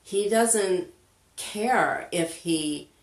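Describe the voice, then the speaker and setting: A woman leading a live money-clearing session, chatty and casual, greeting viewers as she goes. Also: medium pitch. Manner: chatty, slow, greets viewers, laughs often. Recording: echoey room.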